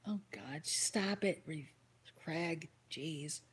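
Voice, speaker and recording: Woman, livestream host, very husky airy voice, lowish pitch, casual storytelling, whispered asides, swears. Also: unhurried. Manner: reads and answers chat comments. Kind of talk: casual chat, retelling a story.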